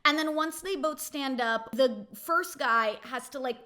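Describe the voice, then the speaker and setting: A woman recapping a reality TV episode in a casual, opinionated way, talking fast with lots of "like" and mocking quotes of the cast. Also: high voice, pushed and bright. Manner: chatty, frequent "like", quotes cast members in mocking voices.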